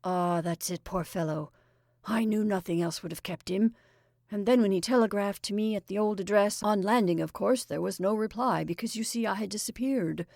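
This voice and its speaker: A woman's voice: mid-range voice, normal speed, creaky, a little mellow, no echo, studio quality. A woman voicing a jolly middle-aged male stage actor who talks in an exuberant, rambling, confiding way.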